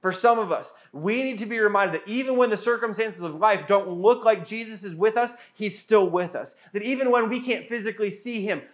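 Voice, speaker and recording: High-voiced man preaching casually. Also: brisk, hardly any pauses. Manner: casual, animated retelling with acted-out quotes. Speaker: pastor. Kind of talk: sermon.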